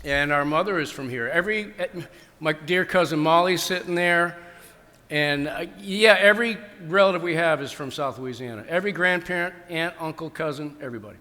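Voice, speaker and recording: An enthusiastic older man talks with an audience, circling back and restarting his thoughts. His voice is bright and forceful and sits a little high. The sound carries the long reverb of a big hall. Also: a little fast. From New England. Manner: rambling, enthusiastic, many restarts. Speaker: author at book festival Q&A. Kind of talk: casual audience Q&A. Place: large hall.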